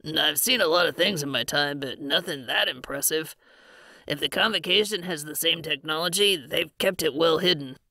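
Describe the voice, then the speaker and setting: A woman's voice: low-pitched, moderate pace, pushed and bright, no room sound. A woman voicing a seasoned male mercenary in an audiobook, speaking in a dry, understated way. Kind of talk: audiobook character voice.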